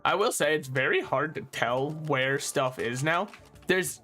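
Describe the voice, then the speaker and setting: A man's voice: fairly high pitch, lively intonation, measured pace, bright, forceful tone, faint music behind. A young man rambling and joking as he streams a game, laughing often. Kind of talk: rambling live-stream commentary while gaming.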